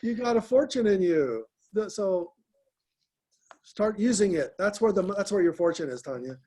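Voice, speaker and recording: Man, high voice, group call host, direct, encouraging, repeats words. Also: animated, moderate pace, dark tone, breathy edge. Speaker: host, business coach.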